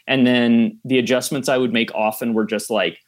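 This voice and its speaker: A man's voice: medium pitch, flat delivery, moderate pace. A man who is a film director, explaining his work at length in a thoughtful, casual interview.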